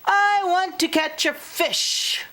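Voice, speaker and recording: A woman's voice: extremely high pitch, slow pace, pushed and bright, pitched above the performer's own voice, exaggerated voice. A woman voicing an eager, impatient little girl in a picture-book story, insistent and whiny.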